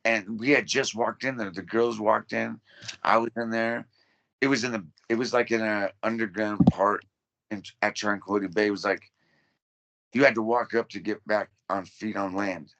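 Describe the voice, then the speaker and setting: A man's voice: fairly low pitch, fairly even intonation, moderate pace, vocal fry, fairly bright tone. A man in his thirties telling his story as a podcast guest, blunt and full of swearing. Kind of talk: casual interview.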